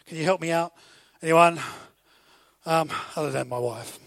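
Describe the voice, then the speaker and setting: A man with an Australian accent preaching a sermon, telling the story with animated asides and rhetorical questions to the audience. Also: on the high side, normal speed, gravelly.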